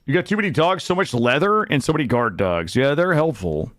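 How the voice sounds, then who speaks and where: A man's voice: a little high, brisk, no echo. A young man casually commenting on his game for viewers, cursing freely and chatting to his audience. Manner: animated, swearing, chatting to viewers. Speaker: streamer. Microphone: studio desk mic.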